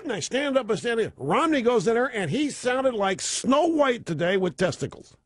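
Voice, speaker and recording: A man's voice: very high voice, sing-song, moderate pace, slightly rough, no echo, studio quality. A man hosting a radio talk show, delivering an opinionated monologue with sarcastic, mocking asides.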